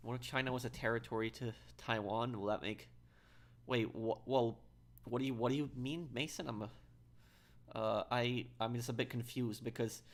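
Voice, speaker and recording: A man streaming a game and talking casually to his viewers in a mid-pitched voice. He stumbles and repeats words as he reads out their comments. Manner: halting, repeats words, reads chat aloud. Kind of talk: casual live-stream chat.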